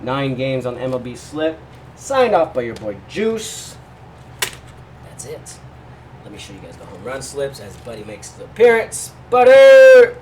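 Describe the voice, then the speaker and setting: Medium-pitched and sing-song, this man speaks unhurriedly, far from the mic on poor audio in a room at home, a faint AC hum underneath. A chatty sports betting host, he loosely jokes his way through his picks for a casual vlog, tossing off remarks to viewers.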